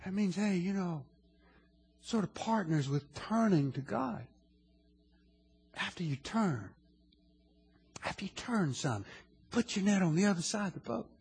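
A man's voice: sits high, animated, measured pace, creaky, long pauses, a little mellow, slightly rough, long reverb tail. A man preaching a sermon as pastor, talking conversationally to his congregation and building to emphatic declarations.

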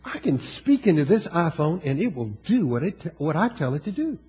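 A man's voice: on the high side, sing-song, brisk, mellow. A man with a Southern US accent preaching a sermon in a folksy way, with joking asides and rising emphasis. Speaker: pastor.

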